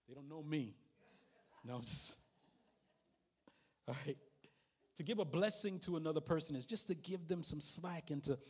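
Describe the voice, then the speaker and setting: A man's voice: sits high, a little mellow, husky. A male pastor preaching a sermon in a folksy, conversational way, with asides to the congregation.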